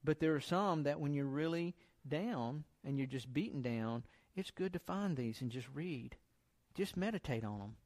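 A man giving an informal sermon, talking in a relaxed, encouraging way and reading scripture aloud. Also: fairly high pitch, normal speed. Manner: conversational, encouraging, repeats himself, reads scripture aloud. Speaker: preacher.

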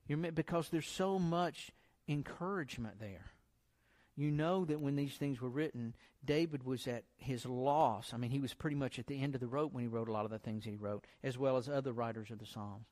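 A man delivers a casual, heartfelt sermon at a middle pitch. He talks like he is chatting with his listeners and repeats phrases for emphasis. Now and then he slows down to read scripture aloud. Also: a little mellow. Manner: conversational, encouraging, repeats himself, reads scripture aloud. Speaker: preacher. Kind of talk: informal sermon.

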